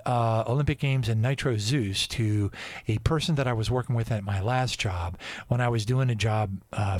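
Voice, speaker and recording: A man's voice: on the low side, dry recording. A man hosting a radio show, talking in a rambling, digressive casual monologue.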